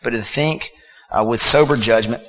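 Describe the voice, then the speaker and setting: Bright-voiced preacher in a reverberant hall. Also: male voice, mid-range voice, moderate pace. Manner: conversational preaching with fillers and repeated words. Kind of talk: sermon.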